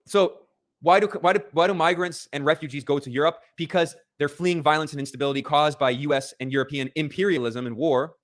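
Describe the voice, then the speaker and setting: A man's voice: fairly high pitch, fairly bright tone. A man making a political argument in an insistent, lecturing manner. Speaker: political commentator.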